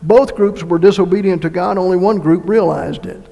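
High, gravelly preacher in a reverberant church. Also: male voice, steady tone, moderate pace, muffled recording. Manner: preaching with sudden loud swells and hushed drops. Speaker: pastor. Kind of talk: sermon. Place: church sanctuary.

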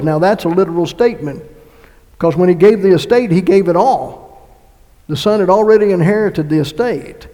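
A man preaching a sermon as pastor of his church, swinging between loud emphatic swells and quiet hushed passages. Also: high voice, moderate pace. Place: church sanctuary. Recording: long church reverb.

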